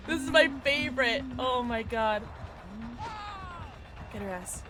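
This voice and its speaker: A woman streamer giving live gaming commentary, excitable and playful, often squealing and laughing. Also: on the high side, slow pace, long pauses, music in the background. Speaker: livestreamer.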